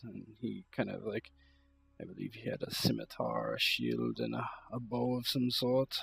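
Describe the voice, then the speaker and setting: A man's voice: mid-range voice, lively intonation, measured pace, gravelly, darkish tone, slightly rough. A man narrating a tabletop role-playing game as game master, rambling loosely with many fillers.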